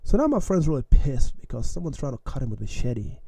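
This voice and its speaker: Young man for a casual storytime, very dark warm tone, dry close sound, animated with chuckles. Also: medium pitch, quick pace, gravelly, slightly rough, no echo.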